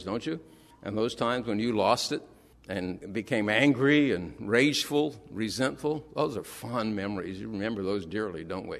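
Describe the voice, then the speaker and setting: Low-voiced man preaching in a reverberant hall. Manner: conversational, rhetorical questions with dry irony. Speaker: pastor. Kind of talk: sermon.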